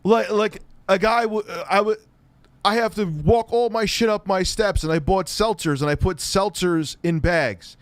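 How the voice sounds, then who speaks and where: A man's voice: high voice, unhurried, no room sound. A man giving a mocking, incredulous commentary rant, laughing often and swearing freely. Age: adult, his own peer group. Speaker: commentary host. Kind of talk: ranting commentary.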